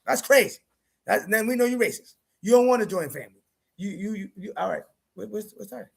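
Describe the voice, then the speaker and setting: Man, high voice, gravelly, husky, casual livestream talk, emphatic and repetitive. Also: a little fast. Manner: repetitive, emphatic, conversational with slang. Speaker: streamer host.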